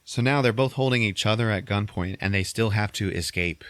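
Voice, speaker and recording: A man's voice: a little fast, no echo. A man hosting a podcast, animatedly retelling a movie plot with lots of swearing. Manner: animated storytelling, swearing, acting out characters in squeaky voices. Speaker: podcast host recapping a movie. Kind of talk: casual chat.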